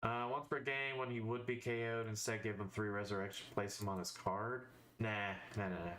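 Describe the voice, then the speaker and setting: A man streaming live, casually thinking aloud as he weighs game cards, with fillers and quick verdicts. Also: fairly low pitch, flat delivery, fairly bright tone, a little hiss or hum.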